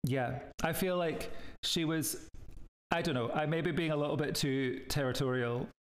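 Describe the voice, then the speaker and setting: A Scottish man co-hosting a podcast in relaxed, chatty talk, full of teasing jokes and asides. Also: fairly high pitch, moderate pace. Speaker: podcast co-host. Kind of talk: casual chat.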